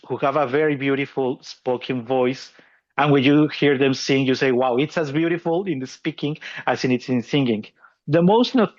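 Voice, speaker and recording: Self-mocking man with a lo-fi sound. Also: on the high side. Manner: laughs often, self-deprecating. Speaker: podcast co-host. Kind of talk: casual explanatory chat.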